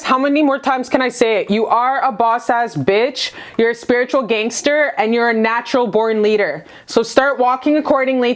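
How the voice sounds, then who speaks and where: A woman giving a casual tarot reading to camera, gushing and affectionate, full of profanity and slang. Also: a little high. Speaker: tarot reader.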